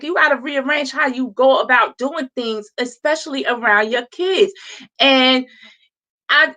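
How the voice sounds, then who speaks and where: A woman's voice: high voice, bright, forceful tone. A woman in her thirties, hosting a show, tells a casual story with lots of laughter and acts out the voices of the people in it. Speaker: host.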